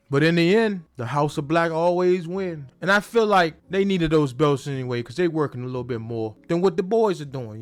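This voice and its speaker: A young man hosting a casual, jokey wrestling recap in slangy, animated talk. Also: fairly high pitch. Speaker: host.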